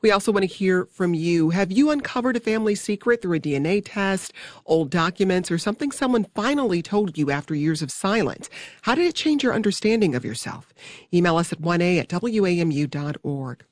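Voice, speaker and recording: Radio host, public radio interview, measured, clear, inviting, dry close sound. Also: mid-range voice, expressive, no room sound.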